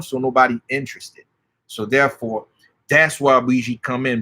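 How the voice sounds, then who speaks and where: Excitable man swearing freely, bright voice. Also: medium pitch. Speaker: guest, spiritual practitioner. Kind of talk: animated storytelling.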